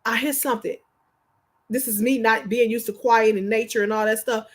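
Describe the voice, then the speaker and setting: A woman chatting casually on a livestream, telling animated stories to her viewers in slangy, informal speech. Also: fairly high pitch, a little fast. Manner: animated, chatty storyteller addressing viewers directly. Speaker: livestream host.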